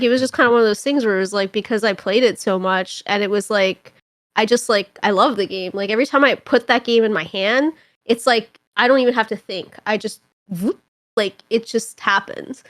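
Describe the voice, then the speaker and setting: A young woman's voice, pitched a little high, chatting animatedly on a podcast. She rambles through her stories and fills them with "like". The sound is dry and close, with no room around it. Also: brisk, dry recording. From Toronto, Canada. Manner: animated, rambling, heavy use of filler "like". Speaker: podcast guest. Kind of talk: casual podcast chat.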